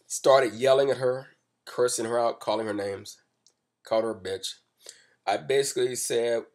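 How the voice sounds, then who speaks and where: A man telling a personal story in a calm, measured way, explaining step by step. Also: medium pitch. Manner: calm and measured, rising to loud reenactments. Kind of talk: spoken personal account, explanatory.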